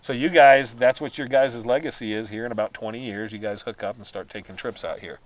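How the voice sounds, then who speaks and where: Animated American man swapping stories. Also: mid-range voice, a little fast, distant mic, low-quality recording. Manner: animated, laughs while telling stories. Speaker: podcast host. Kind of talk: casual storytelling chat.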